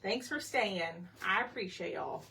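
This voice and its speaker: Slow-talking chatty woman. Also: medium pitch, lively intonation, gravelly, pushed and bright. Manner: chatty, talks to viewers and her pets while working. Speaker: craft livestream host. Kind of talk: casual craft tutorial livestream.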